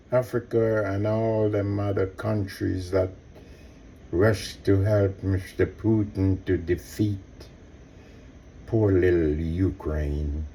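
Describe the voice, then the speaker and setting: A man delivers an impassioned personal monologue at an unhurried pace, his voice mellow and dark. He circles back on his points and calls out directly to his listeners. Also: fairly low pitch, slight background noise. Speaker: commentator.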